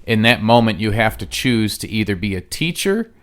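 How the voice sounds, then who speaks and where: A man's voice: lowish voice, sing-song, moderate pace, fairly bright tone, clean tone. A man from the US Midwest, a guest musician, telling drawling, profane stories in a casual podcast chat. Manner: folksy, drawling, profane storyteller. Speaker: guest, musician and venue owner.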